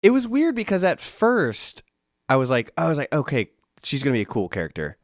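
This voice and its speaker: A man's voice: fairly high pitch, huge pitch swings, brisk, no room sound. A man co-hosting a podcast, making wry, dry comments in casual banter. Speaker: podcast co-host.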